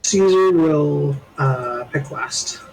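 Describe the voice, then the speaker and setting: A man's voice: fairly high pitch, drawn-out words, vocal fry, darkish tone, slightly rough, low-quality recording. A man playing a tabletop game, making dry jokes about his character. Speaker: player.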